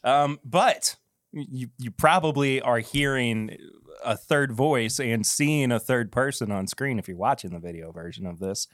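A man's voice: medium pitch, unhurried, fairly bright tone, dry recording, studio quality. A man hosting a casual podcast, chatty and jokey, laughing often between reads. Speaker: podcast host.

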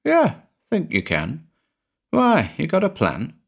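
A man voicing a lively, easily tempted older pensioner with a British accent, eager and chirpy. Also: fairly high pitch, takes it slowly, gravelly, pitched above the performer's own voice, heavily acted. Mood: eager amused.

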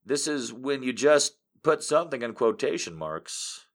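A man ranting casually to his audience, swearing freely and swinging between loud outbursts and muttered asides. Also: mid-range voice, a little slow. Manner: animated, swearing, jumping between loud and quiet. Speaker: streamer.

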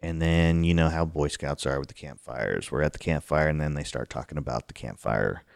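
A man casually telling a scary childhood campfire story, acting it out with sudden high outbursts. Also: a little fast, gravelly, dry recording. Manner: animated, acts out the scares with sudden high outbursts. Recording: dry close sound.

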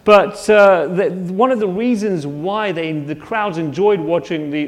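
Conversational male preacher in a reverberant hall. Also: a little high. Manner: conversational, with frequent restarts and rhetorical questions. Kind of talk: sermon.

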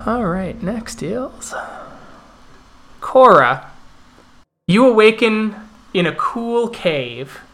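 A man's voice: high voice, big pitch swings, very slow, long pauses, a bit bright. A man narrating a tabletop role-playing game as game master.

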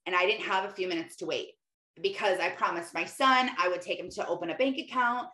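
A middle-aged woman talking casually about faith, rambling and chatty with lots of "like" and quick laughs. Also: medium pitch, sharp tone. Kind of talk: casual faith-based monologue. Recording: roomy echoey room.

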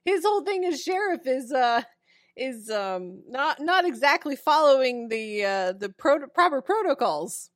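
High, lively-voiced woman joking around. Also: measured pace, no room sound, studio quality. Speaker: podcast co-host. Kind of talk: casual chat.

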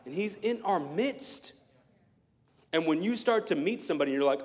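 A man preaching a sermon in a hall that rings with long reverb. His voice sits a little high and swings widely in pitch as he acts out the people in his stories. The delivery is playful and story-driven. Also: expressive, normal speed, pauses often.

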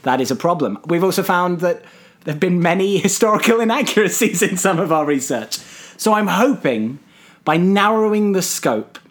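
A man's voice: high-pitched, expressive, normal speed. A man co-hosting a podcast who teases his partner dryly and laughs often between points. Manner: dry teasing, laughs easily. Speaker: podcast co-host. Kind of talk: casual podcast chat.

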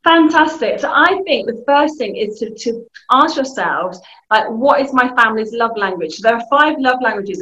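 Bright, animated British woman. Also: fairly high pitch. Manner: animated, laughing, acting out family voices. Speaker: youth work guest. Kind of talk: lively advice in conversation. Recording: muffled lo-fi audio.

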